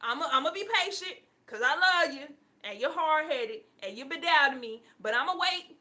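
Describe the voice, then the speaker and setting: A woman voicing God as an exasperated deity, scolding loudly and swearing. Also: a little high, quick pace. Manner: loud, profane, mock-impatient.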